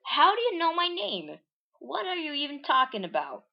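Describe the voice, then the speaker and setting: A woman voicing an excitable young heroine girl in a high, squealy voice, reading from a homemade comic. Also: takes it slowly. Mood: shocked. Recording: dull lo-fi recording.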